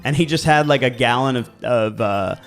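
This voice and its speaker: A man's voice: medium pitch, normal speed, faint music behind. A man with a Baltimore accent, co-hosting a podcast and telling casual stories with laughs and swearing. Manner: animated storyteller, swearing, laughing. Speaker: real estate agent and podcast co-host.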